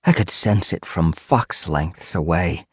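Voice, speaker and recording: A man's voice: sits low, slow, breathy edge, no echo, studio quality, heavily acted. A man voicing a scheming female warrior cat who speaks coolly and persuasively in an audiobook. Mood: cold.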